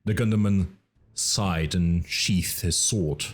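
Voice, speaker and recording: A man with a very deep voice narrates a fantasy audiobook in a measured, dramatic way. He reads slowly and deliberately, and faint music plays underneath. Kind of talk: scripted narration.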